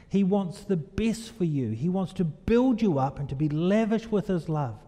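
Speaking in a church hall where long reverb trails each phrase, a preacher tells stories in an animated sermon and frequently asks the congregation questions. His voice is pitched fairly high but carries a mellow, dark tone.

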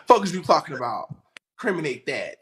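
A breathless man livestreaming, loudly acting out a fight story with profanity and sound effects. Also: a little high, big pitch swings, a little slow, recorded from a distance. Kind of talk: animated storytelling. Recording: roomy echo, faint noise.

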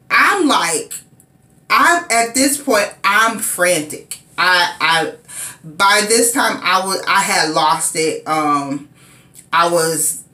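Woman recounting a frightening story, echoey room. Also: pushed and bright. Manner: emotional retelling, acts out frantic cries in high pitch. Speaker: vlogger. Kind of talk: casual storytelling.

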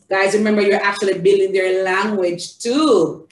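A woman's voice: medium pitch, fairly even intonation, normal speed, reverberant, far from the mic, rough recording. A woman with a Jamaican accent, an early childhood educator, shows parents how to read a storybook to a small child in a sing-song, coaxing way. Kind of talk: demonstrating reading a storybook to a toddler.

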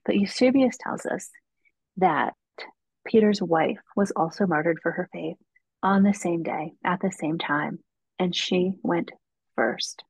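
A woman's voice: on the low side, measured pace, vocal fry, husky, no echo, rough recording. A woman guest author telling a faith story in an earnest way on a casual podcast, with frequent ums and restarts.

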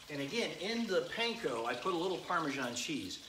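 A middle-aged cooking show host speaks in a sing-song voice on the high side, fairly quickly, while frying chicken live at home. He keeps chatting with viewers and greeting them by name. The audio is echoey, with faint sizzling from the pan.

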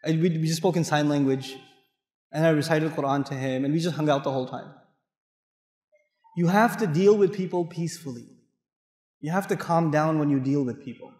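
High-voiced animated man preaching in an echoey hall. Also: fairly quick, long pauses. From Pakistan. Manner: animated, humorous, emphatic. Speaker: Islamic lecturer. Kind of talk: storytelling sermon to a mosque audience. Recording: echoey hall with long reverb.

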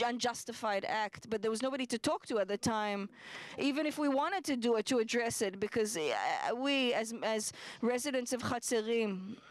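A woman works as a live interpreter, carrying a testimony into English in the first person. Her voice is smooth and clear and sits a little high, and she talks in halting, measured phrases, often backing up to restart.

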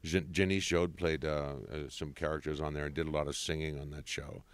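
A man, a voice actor, telling animated stories with frequent laughter in a casual convention interview. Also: a bass voice, brisk, dry recording. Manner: animated storyteller, laughs often. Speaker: voice actor guest.

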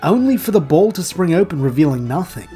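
A narrator retelling a full story in third person, with a lively, expressive delivery. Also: mid-range voice, brisk, soft background music.

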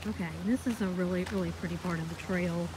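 A woman's voice: fairly low pitch, fairly even intonation, fast. A middle-aged woman chatting casually while walking a trail, out of breath and reminiscing as she films on her phone. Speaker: vlogger. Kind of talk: casual walking vlog narration. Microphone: handheld phone. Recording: noisy outdoor phone audio. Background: running water, birds, passing vehicles.

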